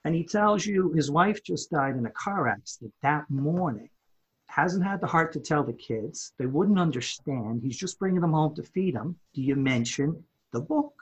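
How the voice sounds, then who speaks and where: A man who owns a home improvement company tells a story during a podcast interview, speaking at a moderate pace in a fairly high, slightly rough voice. His delivery is animated, and he often repeats words as he builds up the tale. The audio is dull.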